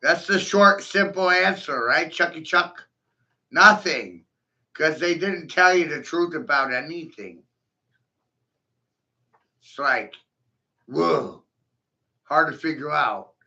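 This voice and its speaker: A man's voice: on the high side, slow pace, vocal fry, long pauses, sharp tone. A man in a profane, mocking rant, taunting his listeners and breaking into scornful laughs. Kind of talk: ranting monologue. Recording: dull lo-fi recording.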